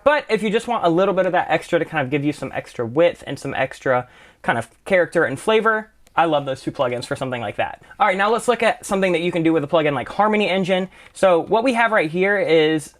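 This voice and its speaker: A young man walks through music production plugins in a relaxed, conversational way. His voice sits a little high, and he talks quickly, with plenty of "kind of" and doubled words. He sounds like a friendly tutor sharing his own workflow. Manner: relaxed, chatty, full of fillers like "kind of" and "really, really". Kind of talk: casual screen-share tutorial.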